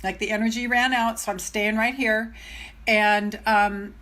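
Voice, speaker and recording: An older woman, a self-love coach, talks into her phone camera at home during a live video chat, gushing and chatty as she welcomes viewers who join. Her voice is medium-pitched and fairly bright, with a level tone and a slightly slow pace.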